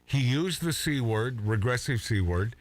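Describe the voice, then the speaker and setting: A man's voice: mid-range voice, animated, unhurried. A man hosting a casual radio talk show, rambling and emphatic, often repeating his words. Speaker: host.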